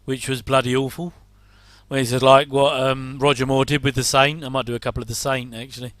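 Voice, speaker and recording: A middle-aged English man hosts a reaction commentary, rambling casually and dropping chatty, self-deprecating asides. His voice is mid-range, level, brisk, and a bit bright, with no echo.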